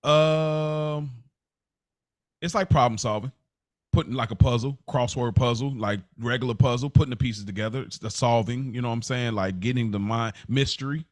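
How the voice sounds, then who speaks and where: A man's voice: medium pitch, normal speed, dry recording. Casual Midwestern man, dry close mic. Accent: Indianapolis. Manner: rambling, filler-heavy with frequent 'like'. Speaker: podcast co-host. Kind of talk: casual chat.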